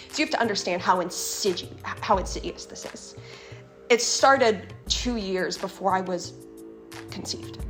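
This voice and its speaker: A young woman speaks as an interview guest, recounting a painful family story with raw candor and a few curse words. Her voice sits at an ordinary middle pitch. Music plays clearly beneath her. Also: a bit bright. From Canada. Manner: candid and emotional, with frequent swearing. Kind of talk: personal storytelling.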